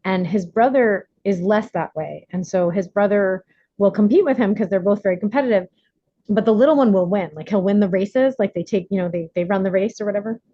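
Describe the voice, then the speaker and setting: A woman's voice: medium pitch, a little fast, no echo. Chatty woman on a muffled video call. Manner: chatty, laughs often, many fillers. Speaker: workshop leader. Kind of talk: casual recovery workshop talk.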